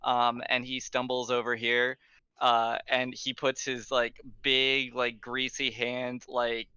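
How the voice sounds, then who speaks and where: A man's voice: mid-range voice, monotone, slow pace, bright, forceful tone, smooth, dry recording, lo-fi sound. A man narrating a tabletop game as game master, talking loosely with many fillers. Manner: rambling, full of fillers and restarts.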